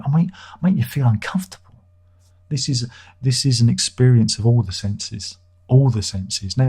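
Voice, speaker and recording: A man's voice: medium pitch, mellow, husky. A middle-aged man hosting a livestream in casual chat, reading viewer comments aloud and joking irreverently with plenty of swearing. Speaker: livestream host.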